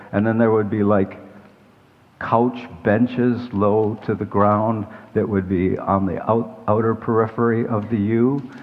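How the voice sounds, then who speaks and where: An older man delivers a sermon in a low voice, drifting into loose, self-deprecating asides as he talks. His voice rings with a long reverb off the walls of a church hall. The sound is dull and lo-fi. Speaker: pastor.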